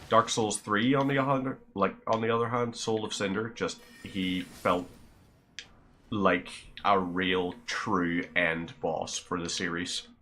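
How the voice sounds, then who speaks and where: A man's voice: low-pitched, fairly even intonation, takes it slowly, bright, forceful tone, a little hiss or hum. A man with a Northern Irish accent chatting casually to his viewers while streaming a game, rambling and friendly. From Northern Ireland.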